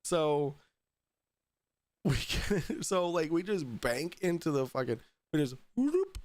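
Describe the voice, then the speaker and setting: A man's voice: a little high, slow pace, a little mellow, no room sound. A man hosting a podcast, telling a story in a casual, profane way, often laughing through it. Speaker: podcast host.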